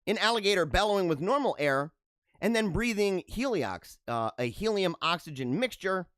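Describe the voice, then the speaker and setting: A very lively, high-voiced man reads out news headlines at a normal pace and riffs on each one, laughing and wandering into playful tangents in a casual commentary show. His audio is dry and close, with no echo.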